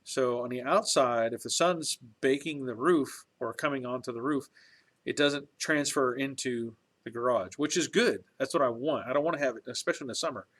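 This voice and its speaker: A man's voice: mid-range voice, moderate pace, a bit bright. Middle-aged male host, folksy, rambling live-stream chat from his garage. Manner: rambling, folksy, with restarts and chuckles. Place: home garage workshop.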